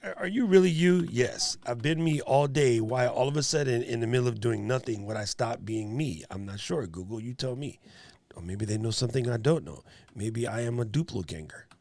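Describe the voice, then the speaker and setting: A man's voice: medium pitch, normal speed. A man with a New York accent hosting a livestream, chatting casually and joking with a guest and viewers. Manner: animated, joking, talks to viewers and chat. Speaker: livestream host.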